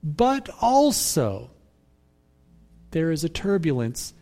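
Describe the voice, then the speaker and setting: A man preaching a sermon as pastor, in a measured, reflective way that repeats phrases for emphasis. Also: a little high, very animated, warm tone.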